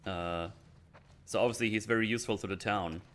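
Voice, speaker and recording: A YouTube show reviewer with a lowish voice, talking a little fast, gives a casual, rambling rant about a TV episode. He's hesitant, restarts often, and quotes scenes with animation.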